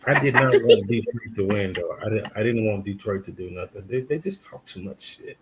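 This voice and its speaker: A man's voice: fairly low pitch, lively intonation, fairly quick, over a noisy crowd, low-quality recording. A man with a Cajun accent talking on a podcast in a laid-back, easygoing way, often restarting his sentences. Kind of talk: casual chat.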